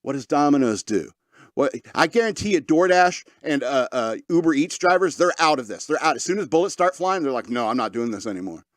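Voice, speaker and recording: A man's voice: on the high side, expressive, fairly quick, no room sound, studio quality. Rambling opinionated male podcast host. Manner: rambling, opinionated, frequent restarts and chuckles. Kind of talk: casual opinion talk.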